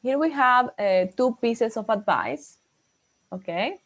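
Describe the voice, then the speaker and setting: A woman's voice: a little high, lively intonation, slow. Bilingual woman teaching an English class. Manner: explains in English, then repeats in Spanish.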